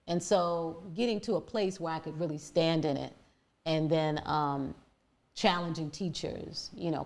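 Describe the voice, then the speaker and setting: Deep-voiced woman, earnest storytelling. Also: darkish tone. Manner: earnest, searching, many restarts and fillers. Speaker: podcast guest. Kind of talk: reflective conversational storytelling.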